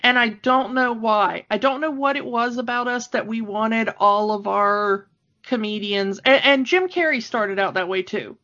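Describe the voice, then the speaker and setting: A woman's voice: on the high side, unhurried, sharp tone. A woman in her thirties co-hosting a podcast, chatting casually and laughing often. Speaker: podcast co-host. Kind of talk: casual chat. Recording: dull lo-fi sound.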